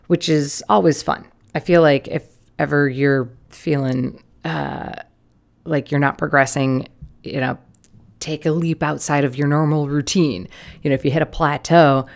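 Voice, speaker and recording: A young woman, a little hoarse, chatting casually and playfully with jokey asides while she draws. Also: deep voice. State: slightly hoarse. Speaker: art vlogger. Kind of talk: casual commentary while drawing.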